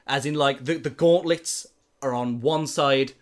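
A man's voice: medium pitch, measured pace. A man animatedly telling a story in casual chat, with lots of filler words.

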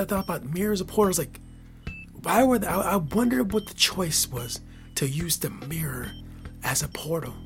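A man's voice: a little high, creaky. Playful Michigan man rambling. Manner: playful, laughing, swings between loud hype and soft whispers. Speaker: podcast host. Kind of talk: casual monologue.

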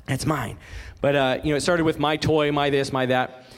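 A man in his thirties preaches with an earnest, emphatic drive, leaning on repeated phrases. His voice sits high for a man. The sound carries a long reverb, as in a large church hall. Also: level tone, normal speed, clean tone. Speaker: pastor. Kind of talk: sermon.

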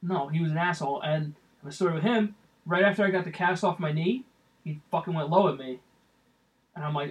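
Higher-voiced young man, profane storyteller. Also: fairly quick, recorded from a distance, highs cut off. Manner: profane, animated storyteller who acts out quotes. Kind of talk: casual storytelling chat.

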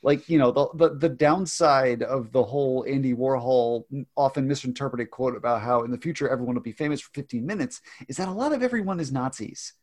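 Male podcast host, casual chat; halting delivery with repeated words and self-corrections. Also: mid-range voice, darkish tone.

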